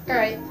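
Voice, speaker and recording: A young woman streamer with a high, lively voice who keeps up profane, bemused commentary while she plays. She sounds a little distant in a roomy space, with loud game music playing underneath. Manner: profane, bemused running reactions. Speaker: gaming streamer. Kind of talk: casual gameplay commentary.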